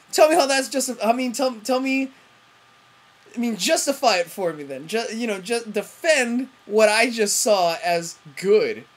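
A woman ranting in a TV review vlog, profane and rambling, often breaking off mid-sentence. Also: mid-range voice. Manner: frequent self-interruptions and fillers. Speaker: TV review vlogger.

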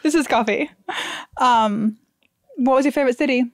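A woman's voice: high voice, normal speed, no room sound, studio quality. A woman with an Australian accent co-hosting a podcast, teasing and bantering casually. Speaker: podcast co-host.

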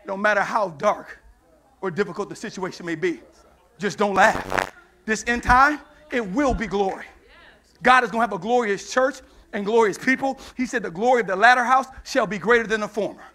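A male preacher with a very high, bright voice works through his sermon in call-and-response fashion. He acts out the Bible scenes in different voices and rises into shouted passages. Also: moderate pace. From United States.

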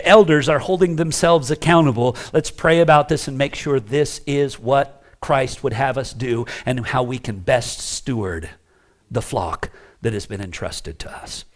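A pastor leads his congregation through a teaching sermon, his voice sitting a little higher than most men's. He is emphatic but conversational, and he often turns aside to check in with his listeners.

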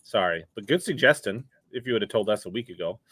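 Man, animated pitch, casual live-stream host, reads viewer comments aloud, dry close mic. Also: fast talker, breathy edge, dry recording.

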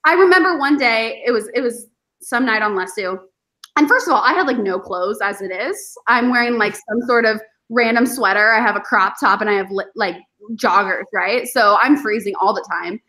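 A woman, a guest on a podcast, telling animated stories in casual chat and acting out her past self. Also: a little high, normal speed. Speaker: podcast guest, former reality show contestant.

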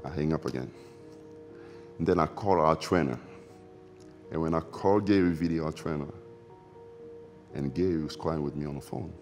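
A man, an interview guest recalling events in a halting, reflective way, repeating phrases with loose grammar. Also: a bass voice, darkish tone, soft background music. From Democratic Republic of the Congo. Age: 40s. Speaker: interview guest, former basketball player. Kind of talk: emotional recollection in a sit-down interview.

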